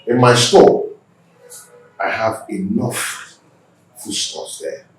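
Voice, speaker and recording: An actor with a Nigerian accent playing a boastful husband defending himself before elders. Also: male voice, on the low side, lively intonation, slow, soft background music. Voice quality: boastful, insistent. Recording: echoey room, distant mic, faint noise.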